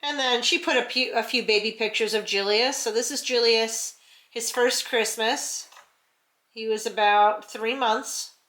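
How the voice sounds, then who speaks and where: A middle-aged woman from the New York area telling a family story at home in a chatty, animated way, full of fillers and restarts. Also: fairly high pitch, measured pace. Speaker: vlogger. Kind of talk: casual storytelling.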